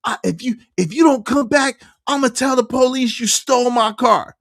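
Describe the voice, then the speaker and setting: A woman's voice: a little high, normal speed, dry recording, studio quality, pitched above the performer's own voice. A man quoting his angry wife as she insists and repeats her threats. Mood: insistent.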